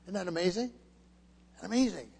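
Male pastor, high-pitched, emphatic expository preacher who repeats phrases; long hall reverb. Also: normal speed, creaky, darkish tone, husky. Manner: emphatic, repeats key phrases, frequent restarts. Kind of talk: expository sermon.

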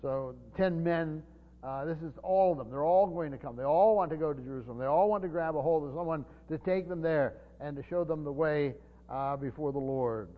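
A man's voice: on the high side, brisk. Man preaching in a reverberant hall. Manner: earnest, explains word meanings with frequent fillers. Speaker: pastor. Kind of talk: Bible teaching sermon. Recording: dull long-reverb hall sound.

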